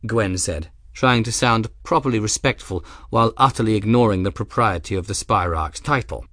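A man narrating an audiobook in a measured, expressive way. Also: on the low side, no echo, studio quality. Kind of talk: scripted narration.

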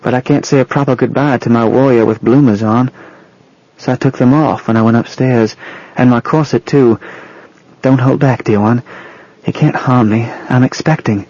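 A man reading an audiobook, voicing a bold, affectionate young woman in a slightly raised, soft voice, on a lo-fi recording. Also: medium pitch, steady tone, normal speed, dry recording, close to an everyday voice. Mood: tender.

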